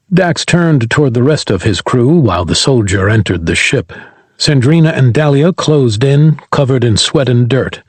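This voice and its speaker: A man's voice: mid-range voice, animated, normal speed, slightly rough, no echo. A man narrating a science fiction audiobook and voicing every character himself.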